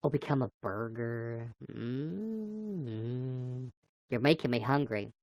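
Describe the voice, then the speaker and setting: A woman's voice: very deep voice, normal speed, darkish tone, dry recording. A woman livestreamer chatting casually and playfully with her viewers, greeting them by name. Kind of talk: casual live chat with viewers.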